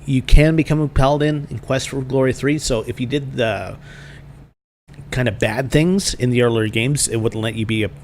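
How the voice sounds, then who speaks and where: A man's voice: medium pitch, a little hiss or hum. Rambling man narrating a game playthrough. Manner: relaxed, rambling, many filler words. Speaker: gaming channel host. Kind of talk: casual let's-play commentary.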